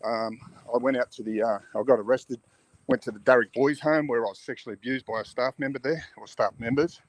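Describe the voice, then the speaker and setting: A middle-aged Australian man tells his own story in a frank, halting way. He talks over a video call in an ordinary mid-range voice. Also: medium pitch, steady tone, rough recording. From western Sydney, Australia. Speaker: guest, abuse survivor advocate. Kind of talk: personal testimony in an interview. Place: outdoor shed on a hill.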